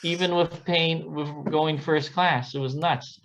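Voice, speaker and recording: A man's voice: fairly high pitch, steady tone, measured pace, fairly bright tone. Easygoing male guest telling stories. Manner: easygoing storyteller. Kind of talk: casual panel chat.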